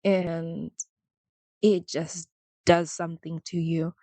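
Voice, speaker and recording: A young woman talks casually to her viewers, wandering from thought to thought and breaking into laughter. Her voice sits low for a woman. The recording is close and dry, with no room sound. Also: level tone, slow pace, warm tone, no room sound. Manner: chatty, rambling, laughs often, quotes people in voices. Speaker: vlogger. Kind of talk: casual chat to camera.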